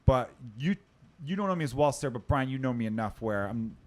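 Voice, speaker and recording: A man's voice: medium pitch, lively intonation. A man in his thirties with a Chicago accent, hosting a casual podcast chat, telling stories and swearing freely. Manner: fast, storytelling, swears freely. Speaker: podcast host.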